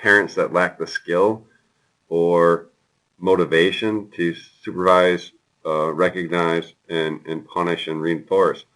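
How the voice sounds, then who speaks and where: A man lecturing a class in a relaxed, chatty way, with many fillers and personal stories. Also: deep voice, slow pace, low-quality recording. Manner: relaxed and chatty, lots of ums and anecdotes. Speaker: university lecturer.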